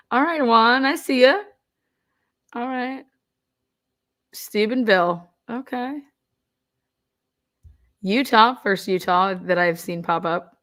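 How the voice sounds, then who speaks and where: A woman's voice: medium pitch, fairly bright tone. Chatty woman hosting a livestream. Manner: chatty, reads out viewer locations with quick reactions. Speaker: livestream host. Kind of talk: casual livestream chat.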